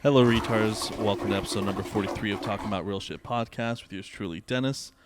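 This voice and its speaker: A man's voice: lowish voice, fast, background noise. A man hosting a podcast in a joking, rambling casual chat. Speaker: podcast host.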